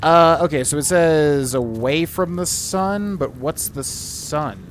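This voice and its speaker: A man's voice: a little high, slow, noisy background. A man streaming a video game, chatting casually and thinking aloud with lots of fillers as he works through a puzzle. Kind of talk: casual let's-play commentary.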